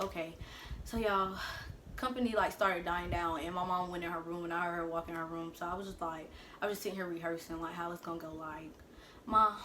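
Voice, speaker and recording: A woman's voice: on the low side, noisy background. A young woman from the American South telling a personal story casually into her phone in her bedroom, chatting to viewers and acting out quotes. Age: young adult. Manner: chatty, addresses viewers as y'all, acts out quotes. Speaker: vlogger.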